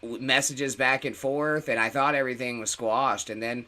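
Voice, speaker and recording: A man's voice: mid-range voice, steady tone, moderate pace, pushed and bright. A man in casual, profane podcast chat, telling a story bluntly and with lots of swearing.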